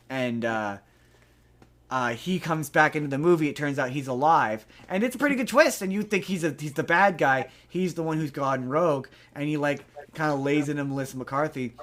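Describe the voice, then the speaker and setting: A man hosting a podcast, chatting casually about a movie in a rambling, animated way with lots of restarts and swearing. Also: fairly high pitch. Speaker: podcast host. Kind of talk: casual movie review chat.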